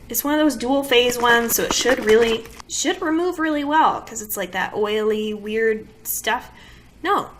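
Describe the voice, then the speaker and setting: A woman with a fairly high voice reviews beauty products she dislikes, talking casually to the camera. She complains dramatically and keeps firing off exasperated rhetorical questions. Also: fairly bright tone. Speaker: beauty vlogger.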